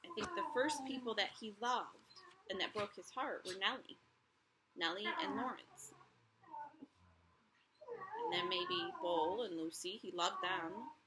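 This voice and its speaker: A woman teacher reading a chapter book aloud to her students, gently pausing to ask questions and reflect. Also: on the high side, very animated, heavy background noise.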